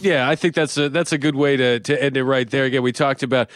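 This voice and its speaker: A man's voice: medium pitch, steady tone, quick pace, no room sound. A man co-hosting a casual podcast in a studio, often breaking into laughter while he talks. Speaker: podcast co-host. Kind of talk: casual comedy podcast chat.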